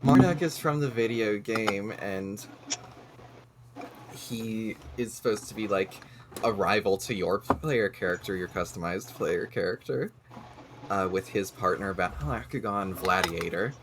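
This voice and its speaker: A man's voice: lowish voice, a little slow, noisy background. A man streaming a game in casual chat who laughs often and stumbles over his words while correcting himself. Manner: rambling, corrects himself mid-sentence.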